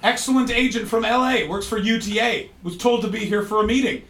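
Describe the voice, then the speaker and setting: A man putting on a pompous smooth-talking agent. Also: high-pitched, fairly quick, fairly bright tone, voice pushed up. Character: smooth-talking male talent agent alias, self-important. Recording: roomy, distant mic.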